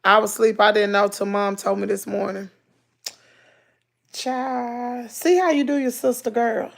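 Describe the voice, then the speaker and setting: A woman with a Mississippi Southern accent chats casually with her livestream viewers, telling stories in country slang. Her voice sits high and carries a gravelly fry. She talks in an animated way and answers comments as she reads them. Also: measured pace. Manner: animated storytelling, loud laughter, country slang. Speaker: livestream host.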